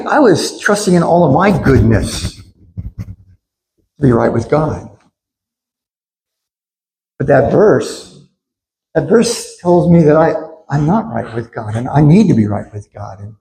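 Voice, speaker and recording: A man's voice: a little high, mellow, roomy sound, low-quality recording. A male pastor giving a sermon, earnestly preaching and acting out the people he quotes.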